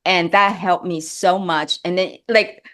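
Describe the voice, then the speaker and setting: Emotional, halting middle-aged actress. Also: female voice, on the low side, fairly even intonation, fairly bright tone. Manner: emotional, halting, many restarts. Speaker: actress, guest. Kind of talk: interview chat.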